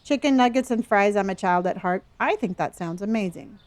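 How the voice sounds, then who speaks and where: A woman's voice: mid-range voice, a little fast. A middle-aged woman streaming a game, chatting playfully with viewers and answering their chat messages.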